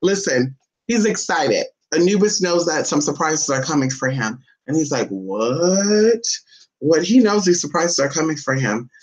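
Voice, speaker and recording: A sassy, loose-tongued vlogger talks at a mid pitch, neither high nor low, from a camera set down somewhere in a home. The speaker keeps tossing in "honey" and swearing, teasing a dog in sudden squeaky high bursts. The delivery is unpolished and off the cuff. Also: animated, normal speed. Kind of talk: casual, profane home vlog. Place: indoors at home. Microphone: phone or camera set down nearby.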